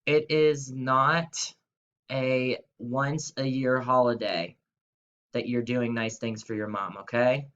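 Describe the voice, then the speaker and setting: A man's voice: medium pitch, steady tone, takes it slowly, fairly bright tone, clean tone, muffled recording. A young man teaching a video lesson to schoolchildren in an upbeat, chatty way, talking straight to the kids. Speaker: third-grade teacher.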